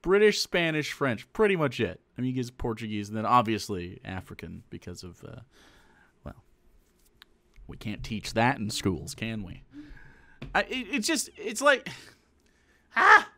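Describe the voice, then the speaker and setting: A male streamer reacting on his stream, loose and profane, full of "like" and "you know". His pitch leaps around as he gets worked up, swinging from low mutters to sharp high exclamations. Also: moderate pace. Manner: animated, swearing, rambling with many fillers. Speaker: streamer commentator. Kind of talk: casual reaction commentary.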